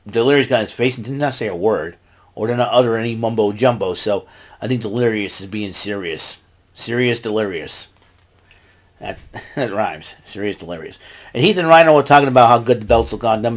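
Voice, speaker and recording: A man hosting a casual show, recapping events in a rambling way and jumping into raised voices when he quotes people. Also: medium pitch. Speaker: podcast host recapping wrestling.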